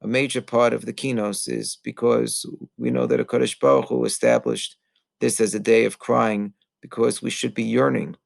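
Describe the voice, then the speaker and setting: Gravelly-voiced rabbi giving an earnest sermon. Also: male voice, mid-range voice, flat delivery, moderate pace, no room sound. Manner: earnest teaching with frequent fillers and Hebrew terms. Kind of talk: Tisha B'Av sermon.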